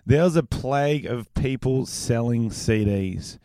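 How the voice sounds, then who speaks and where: A man co-hosting a comedy podcast, cheeky and quick to laugh. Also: medium pitch, warm tone, slight background noise. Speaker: podcast co-host. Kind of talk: casual comedic banter.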